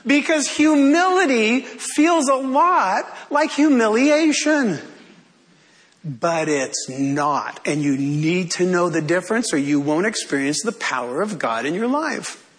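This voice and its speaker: A man's voice: high voice, very animated, measured pace, a bit bright. A male pastor preaching to his congregation, telling a self-deprecating personal story with humor.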